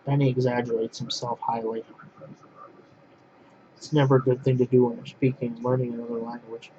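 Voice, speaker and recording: A man vents bluntly to his webcam, circling back over the same phrases again and again. His voice sits at a middling pitch, and the recording is muffled and lo-fi. A faint hiss runs underneath. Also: little pitch movement, a little fast. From Poland. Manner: blunt, repetitive, restarts phrases. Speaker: vlogger. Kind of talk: casual ranting monologue to camera.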